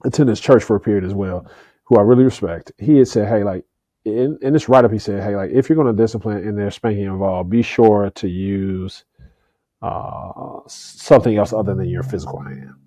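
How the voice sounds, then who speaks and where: A man's voice: on the low side, fairly quick, warm tone, dry recording. A middle-aged man speaking candidly as a podcast guest, earnest, often repeating words as he starts a thought. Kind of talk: candid conversational interview.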